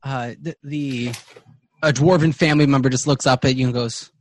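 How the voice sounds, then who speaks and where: A man narrating as game master in a tabletop game, pausing often with fillers. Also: medium pitch, steady tone. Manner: halting, many fillers, trails off.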